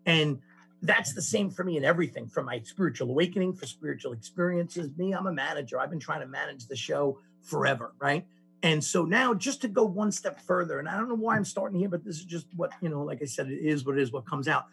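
Gravelly husky man telling his story. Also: on the high side, fast talker. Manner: animated, acts out voices in his story, many restarts. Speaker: speaker sharing a recovery story. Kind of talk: storytelling share at a recovery meeting. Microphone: call audio.

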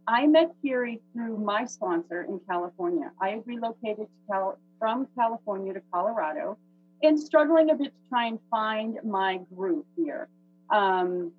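A woman's voice: mid-range voice, no echo. A woman chatting casually as she introduces the evening's speaker on a video call. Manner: chatty, with many fillers. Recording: phone-like dry husky audio.

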